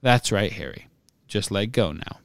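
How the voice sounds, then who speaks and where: A man reading aloud and voicing a calm, very old headmaster with soft, steady speech. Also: lowish voice, a little slow, vocal fry, dry recording, studio quality. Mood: gentle.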